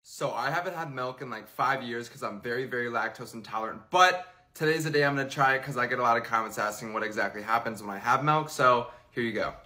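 A young man filming a casual comedic vlog, talking in an excitable, animated way. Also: mid-range voice, fast talker, few pauses. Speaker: social media creator.

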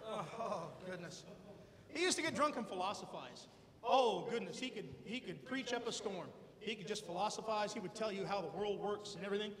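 A man with a high voice works a live crowd in a stand-up set, spinning playful stories about his family and slipping into their voices. A long reverb of the hall trails his words. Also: a little fast. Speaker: stand-up comedian. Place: comedy stage before a live audience.

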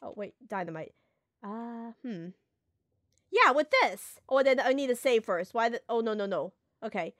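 Woman gamer, casual commentary, excitable, swearing, high voice, dry sound. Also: moderate pace, dry recording. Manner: profane, excitable, reacts loudly. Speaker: gaming streamer. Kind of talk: casual let's play commentary.

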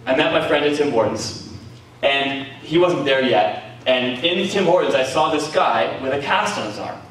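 Animated Canadian pastor preaching. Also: male voice, medium pitch, normal speed. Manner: animated storytelling, laughing and exclaiming. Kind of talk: sermon. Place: church meeting hall. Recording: echoey room from far off, faint noise.

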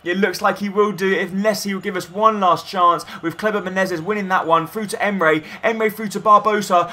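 A young man commentating his own football video game match, shouting in bursts at goals and misses. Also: sits high, fairly even intonation, normal speed, few pauses. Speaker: gaming YouTuber.

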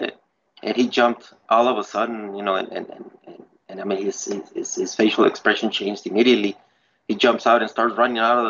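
Gravelly man telling a ghost story. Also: lowish voice, fairly bright tone. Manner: rambling, many restarts, acts out quotes. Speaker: water treatment plant worker. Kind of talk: casual storytelling. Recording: slightly dull with faint background noise.

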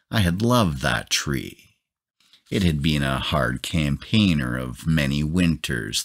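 A man calmly narrating a novella as a bedtime audiobook reading. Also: extremely low pitch. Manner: calm, measured.

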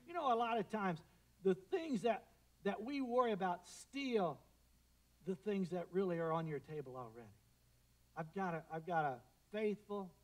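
A middle-aged man delivers a sermon from the pulpit in a high, bright voice. He swings between fervent, loud declarations and hushed, prayerful murmurs. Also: poor audio. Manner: impassioned preaching, swelling to loud declarations and dropping to quiet prayer. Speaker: pastor.

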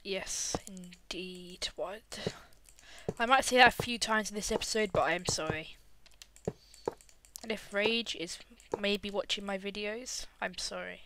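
A woman's voice: mid-range voice, moderate pace, background noise. A woman casually commenting on her game while building, rambling and easily distracted, now and then breaking into little hums.

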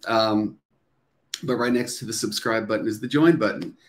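A man's voice: lowish voice, normal speed. A middle-aged man hosting a casual livestream, chatting upbeat with viewers, greeting them and reading their comments aloud with plenty of fillers. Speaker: livestream host.

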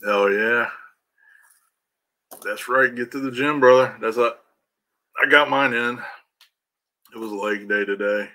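A man's voice: mid-range voice, slow pace, long pauses, sharp tone. A middle-aged man with a Midwestern American accent hosting a casual live stream, greeting viewers by name, swearing freely and laughing often. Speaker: livestream host and EFI tuner.

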